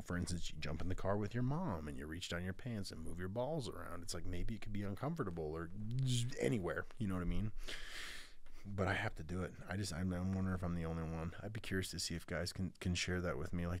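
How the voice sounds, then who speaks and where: Deep voiced guy in his 30s, rambling podcast host, lots of restarts, dry close mic. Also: no room sound. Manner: rambling, with many restarts and stammered starts. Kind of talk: casual monologue.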